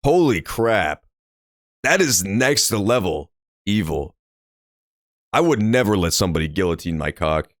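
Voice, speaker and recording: A man's voice: sits low, sing-song, a little slow, pauses often, no echo, studio quality. A young man casually commenting while playing a story game, joking crudely and swearing freely, at a desk microphone at home. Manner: crude, profane, jokey.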